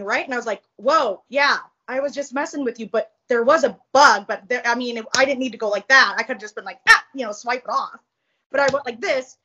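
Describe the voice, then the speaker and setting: Blunt, high-voiced woman telling a story. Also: highs cut off. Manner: blunt, profane, animated. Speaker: interview guest. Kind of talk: casual storytelling interview.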